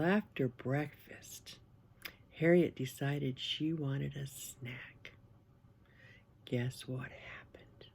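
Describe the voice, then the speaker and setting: Slow, husky children's storyteller. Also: medium pitch. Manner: animated, asks listeners questions, drops to whispers. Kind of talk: storybook read-aloud for children.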